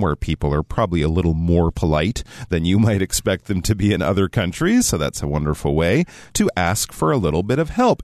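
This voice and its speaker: A man co-hosting a radio English lesson, explaining phrases in an animated, explanatory way. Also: no room sound, studio quality. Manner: animated, explanatory, lively pitch swings. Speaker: English teacher co-host.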